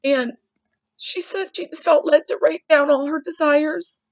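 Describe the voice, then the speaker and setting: A woman's voice: high voice, fairly even intonation, measured pace, creaky, darkish tone, no room sound, poor audio. A woman hosting a podcast, sharing a personal story in an earnest, heartfelt way with frequent restarts. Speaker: podcast host.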